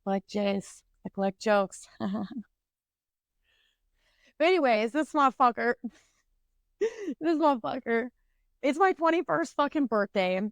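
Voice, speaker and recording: Animated, swearing young woman. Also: sits high, takes it slowly, long pauses, dry recording. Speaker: podcast co-host. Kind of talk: casual chat.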